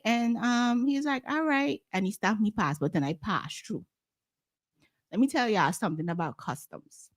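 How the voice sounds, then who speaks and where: Guyanese woman telling a lively story. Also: fairly high pitch, moderate pace, no echo, studio quality. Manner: animated, acts out quoted voices. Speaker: guest. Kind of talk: casual storytelling.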